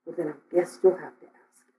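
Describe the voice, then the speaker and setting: A woman's voice: on the low side, steady tone, fairly quick, mellow, a little hiss or hum, natural voice, low-quality recording. A woman doing an undaunted cheeky little schoolgirl. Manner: matter-of-fact, unbothered.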